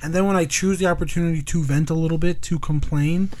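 Male co-host, easygoing sidekick with a higher voice, frequent chuckles, quick one-liners. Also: fairly even intonation, darkish tone. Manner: laid-back, chuckling, chimes in with quips. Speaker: podcast co-host. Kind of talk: casual chat.

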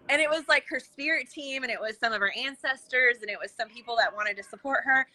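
A woman guest on a podcast, telling animated stories and acting out what people said, with lots of casual fillers. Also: on the high side, fairly quick, poor audio. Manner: lively, acts out quoted dialogue with many fillers. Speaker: interview guest, intuitive coach. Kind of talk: animated conversational storytelling.

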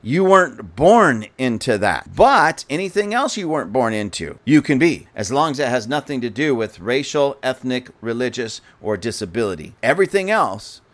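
A man's voice: medium pitch, big pitch swings, normal speed, hardly any pauses. A man giving an indignant, sarcastic political commentary rant, speaking scornfully to his audience.

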